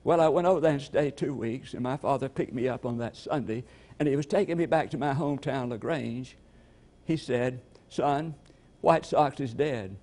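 An older man from Georgia delivering a sermon as pastor, with a slow, storytelling preacher cadence. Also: medium pitch, warm tone.

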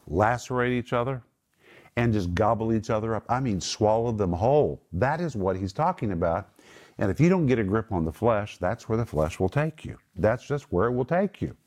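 A man's voice: fairly low pitch, animated, moderate pace, a little mellow. A man teaching the Bible to a small discussion group, emphatic, breaking words down one at a time.

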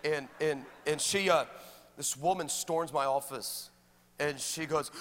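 A man preaching a sermon as a pastor, energetic and humorous, often rising to shouts. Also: fairly high pitch, a little slow. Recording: echoey hall, faint background noise.

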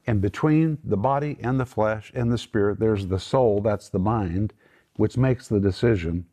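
With a lowish, mellow voice, this middle-aged Bible teacher delivers a Christian broadcast in an emphatic style. When he reaches the quoted words of scripture, his voice rises.

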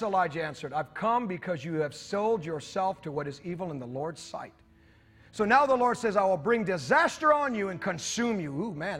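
Guy preaching a sermon, pretty high voice, lively and joking with the crowd, soft music behind. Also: slightly rough. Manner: animated preaching, jokes and asides to the congregation. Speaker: pastor.

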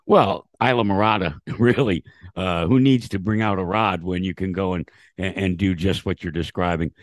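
A man hosting a racing interview, asking questions in a polished, lively way. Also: low voice, moderate pace, no echo. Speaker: interview host. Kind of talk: broadcast interview.

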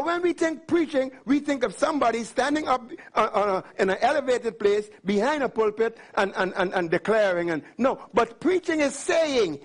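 Male preacher, very high voice, emphatic repeated lines, call-and-response questions. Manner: emphatic, repetitive, asks the listeners questions. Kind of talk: sermon.

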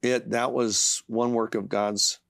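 A middle-aged man, a guest author, earnestly tells a personal faith story in an interview, often halting with fillers and restarts. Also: medium pitch, little pitch movement, vocal fry, a bit bright, no echo, clean studio sound. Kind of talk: testimony in a talk-show interview.

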